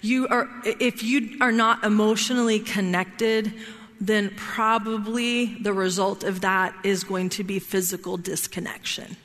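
A woman leads a marriage class in a relaxed, talky way, checking in with her listeners every few sentences. Her voice is bright and forceful. The sound rings with the long reverb of a large hall. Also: medium pitch, unhurried. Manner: checks in often with "right?" and "all right?". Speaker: marriage workshop teacher. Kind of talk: conversational teaching talk.

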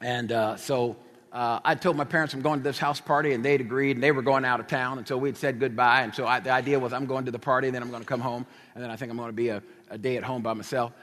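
A middle-aged man from New Jersey preaching a sermon, telling stories with lively, casual asides. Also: medium pitch, fast talker, in a large hall. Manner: animated storytelling with casual asides.

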